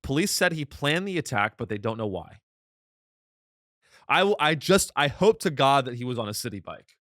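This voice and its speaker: A man's voice: medium pitch, big pitch swings, normal speed, fairly bright tone, no room sound. A male comedy host talks his way through a news story in a rambling, sardonic monologue. He often restarts his sentences. His voice sits mid-range and sounds dry and close to the mic.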